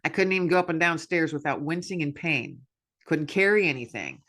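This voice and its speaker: Bright-voiced candid woman podcaster. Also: deep voice, lively intonation, fairly quick. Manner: candid, self-deprecating, upbeat. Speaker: podcast host. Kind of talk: personal reflection monologue.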